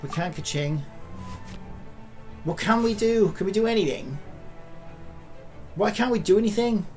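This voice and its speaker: A man's voice: sits high, lively intonation, a little slow, darkish tone, faint music behind. A man commentating live gameplay, frustrated and swearing often, ranting at the game. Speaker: gaming streamer.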